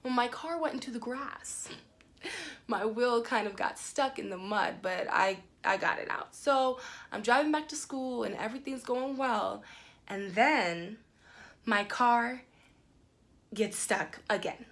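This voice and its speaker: Animated young woman telling a story. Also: measured pace. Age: young adult. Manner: animated, rising high when indignant, many "like" and "um" fillers. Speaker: vlogger. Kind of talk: casual storytime vlog.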